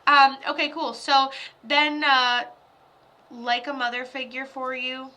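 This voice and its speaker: A bright, forceful young woman talks her way through a live psychic reading. Her voice sits a little high, and she rambles loosely with fillers and offhand jokes. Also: level tone, takes it slowly. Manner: chatty, lots of fillers, loose and joking. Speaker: psychic medium.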